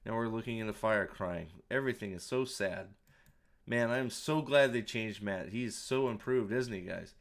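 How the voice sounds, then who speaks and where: A man with a lowish voice talks at a normal speed while watching a show, giving loose, sarcastic reviewer commentary over the playback. He mocks the scenes and swears freely.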